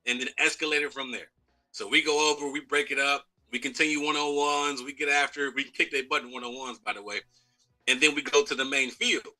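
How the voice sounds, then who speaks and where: An American man in his thirties recounts a practice story with real animation, jumping into quoted lines and laughing along the way. His voice is very bright and forward, pitched at an ordinary middle height for a man. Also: brisk, low-quality recording. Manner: lively storyteller who acts out quotes and laughs. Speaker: former pro football player, guest. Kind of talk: animated storytelling in a live interview.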